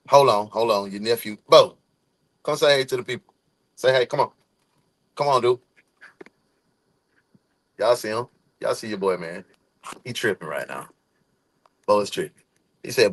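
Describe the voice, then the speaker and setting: A man's voice: fairly low pitch, normal speed, pauses often, rough recording. A man hosting his own show, giving casual, encouraging motivational talk to his viewers. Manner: animated, encouraging. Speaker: host.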